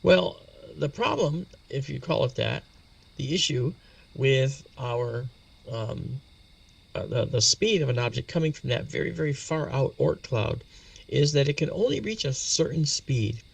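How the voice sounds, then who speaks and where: A man's voice: mid-range voice, lively intonation, a little slow, creaky, recorded from a distance. A man patiently explaining astronomy as a guest in an interview, spelling out terms as he goes.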